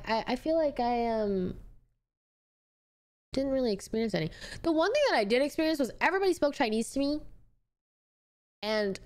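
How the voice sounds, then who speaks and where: Lively young woman streamer chatting. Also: fairly high pitch. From United States. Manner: chatty, rambling, reads viewer messages aloud. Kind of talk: casual chat with viewers.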